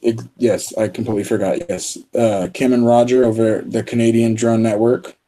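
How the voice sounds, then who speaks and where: A man's voice: medium pitch, flat delivery, brisk, warm tone, rough recording. A man co-hosting a casual livestream chat, easygoing and joking, sleepy and yawning from little sleep. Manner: easygoing, joking, laughs often. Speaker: co-host of a livestream show.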